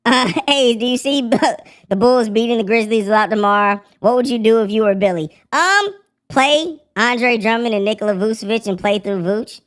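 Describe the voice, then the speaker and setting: A young man hosting a live sports podcast through a squeaky pitch-shift voice changer, joking and swearing in slang. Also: moderate pace, fairly bright tone, clean tone. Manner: joking, profane slang, mock breaking-news delivery. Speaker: podcast host.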